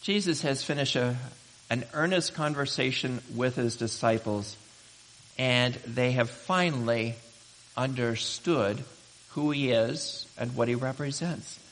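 A man preaching a sermon as pastor, emphatic and building to loud exhortation. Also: mid-range voice, unhurried, a little hiss or hum. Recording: reverberant hall.

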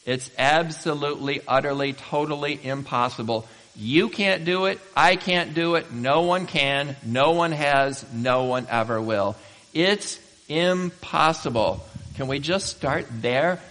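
A man preaching a sermon as pastor, emphatic and building to loud exhortation. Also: fairly high pitch, measured pace. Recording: reverberant hall.

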